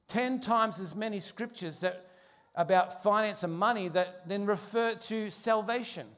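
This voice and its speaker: High-voiced pastor telling a story. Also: male voice. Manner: animated storyteller, shifting pace and loudness. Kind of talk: sermon with a humorous story.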